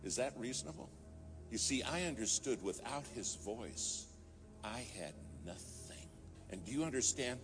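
A man's voice: medium pitch, expressive, a little slow. A man preaching a sermon, telling a story and rising to fervent emphasis. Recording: music playing behind.

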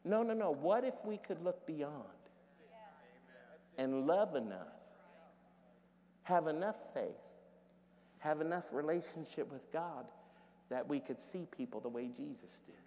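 A man pastor preaching a sermon, rising to loud shouted peaks and dropping to quiet storytelling. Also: on the high side, lively intonation, measured pace, pauses often, in a large hall.

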